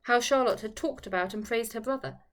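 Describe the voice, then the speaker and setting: A woman reading a nineteenth-century novel aloud in a measured, formal way. Her voice sits fairly high. The delivery is steady and clear throughout. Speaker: audiobook reader. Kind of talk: scripted narration of a classic novel.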